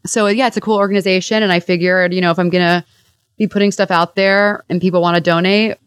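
A woman's voice: lowish voice, fairly even intonation, fast, smooth, dry recording, studio quality. A woman comedian from the United States, a guest on a podcast, talking in an ironic, chatty way with many fillers over a remote link. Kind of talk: casual interview chat.

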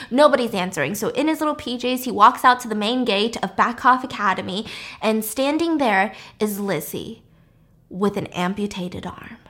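A chatty woman recapping a film plot in a loose, animated way, full of filler words. Her voice sits a little higher than most women's. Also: brisk.

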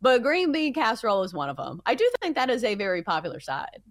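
A woman's voice: a little high, sing-song, fast talker, no echo, studio quality. A woman hosting a sports talk show, chatting playfully and steering the segment. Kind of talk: casual sports radio chat.

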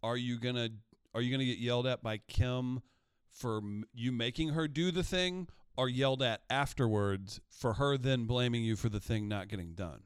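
A man co-hosting a casual talk show chat, chiming in with support and quick remarks. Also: mid-range voice, clear, resonant tone, dry recording, studio quality.

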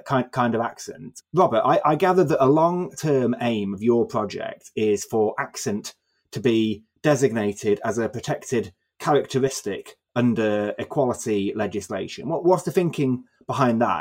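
A man hosting a podcast interview, posing questions conversationally with filler sounds. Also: on the low side. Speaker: podcast host.

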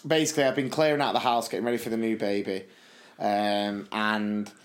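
A British man, a teacher who co-hosts a podcast, telling lively anecdotes in casual chat, laughing and acting out the people in them. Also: on the low side, a little fast. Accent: British English. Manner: animated storyteller, laughs and acts out voices.

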